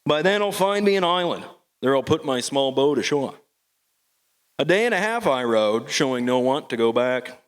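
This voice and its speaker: A man voicing an older, rough-spoken fisherman hermit with a Maine accent, spinning a folksy rhyming yarn. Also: mid-range voice, animated, moderate pace, close to an everyday voice. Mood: wry.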